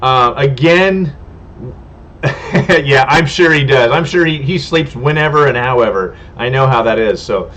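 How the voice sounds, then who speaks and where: A man's voice: mid-range voice, a little slow, fairly bright tone. A man from California hosting a casual homestead livestream, chatting with viewers in a rambling, friendly way that stumbles over names. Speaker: homestead channel host. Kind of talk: casual livestream chat, reading viewer comments. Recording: dull lo-fi stream audio.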